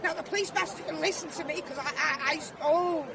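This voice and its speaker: An emotional, outraged woman speaks out at a street protest in a very high voice. She stands some way from the mic. A loud crowd surrounds her. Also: fairly quick, gravelly, distant mic. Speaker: protest supporter. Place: outdoors on a city street at a protest. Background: crowd noise.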